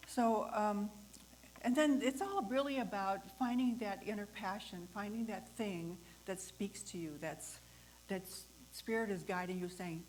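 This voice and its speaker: A woman hosting a talk, telling a personal story in a lively way, acting out the voices of the people in it and laughing often. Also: medium pitch, a little slow, a little hiss or hum, rough recording. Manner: animated, acts out the voices in her story. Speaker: host.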